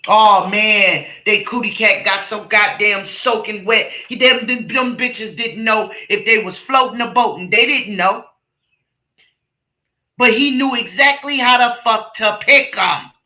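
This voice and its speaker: A woman's voice: medium pitch, measured pace, sharp tone, roomy sound. A woman hosting a livestream, delivering heated, profane and scornful commentary. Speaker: channel host, commentator.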